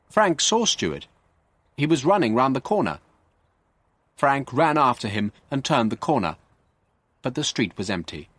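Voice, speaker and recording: A man narrating a graded-reader story for English learners in a slow, clear and expressive way. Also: mid-range voice, no room sound.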